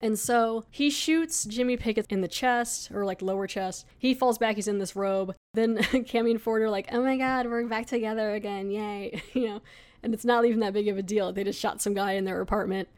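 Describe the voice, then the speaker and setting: A woman's voice: mid-range voice, brisk. Chatty woman podcast host. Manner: chatty, filler-heavy. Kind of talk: casual episode recap.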